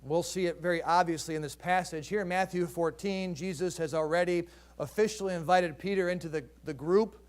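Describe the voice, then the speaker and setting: A man's voice: fairly high pitch, brisk. A male pastor preaching a sermon in a conversational way, asking the congregation rhetorical questions.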